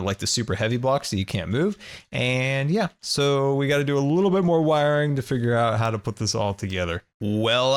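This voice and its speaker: A man hosting a casual gameplay video, thinking aloud and squealing high in panic when things go wrong. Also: a bit bright. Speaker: Minecraft let's play host.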